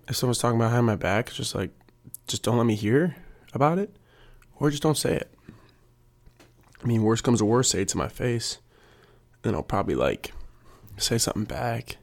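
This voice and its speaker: A man's voice: medium pitch, expressive, normal speed, gravelly, pauses often. A young adult man, a PE teacher, rambling in a casual, jokey monologue and working himself up. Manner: jokey, self-mocking, gets worked up.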